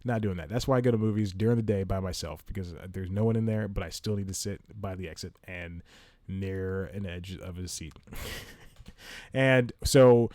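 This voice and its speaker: A man's voice: sits low, moderate pace, darkish tone, no echo. Rambling man ranting on a solo podcast. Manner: rambling, self-interrupting, laughs often. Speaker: podcast host. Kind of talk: casual solo podcast rant. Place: at home with a TV on.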